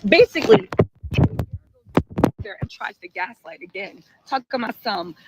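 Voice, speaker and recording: A woman's voice: mid-range voice, expressive, measured pace, very noisy. A woman hosting a live stream, animatedly retelling court proceedings and reading out viewer comments, talking outdoors in the rain. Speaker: livestream host. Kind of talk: live recap of a trial.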